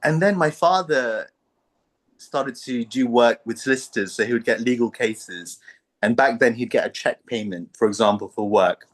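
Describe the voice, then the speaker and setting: This is a man in the middle range of pitch, a guest on a conversational podcast. He tells stories with energy and laughs often as he talks. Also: normal speed. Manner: animated, laughs often while telling stories. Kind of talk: storytelling in conversation.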